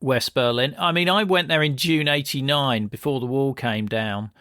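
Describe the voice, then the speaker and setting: A man's voice: medium pitch, moderate pace, pushed and bright, no echo, studio quality. A male podcast host chatting reactively with his guest in an interview. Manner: reactive, conversational. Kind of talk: interview chat.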